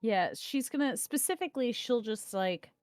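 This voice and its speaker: Chatty woman playing dnd, kinda excitable, dry close mic, faint music. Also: a little high, moderate pace, no room sound. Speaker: player. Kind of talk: casual tabletop play.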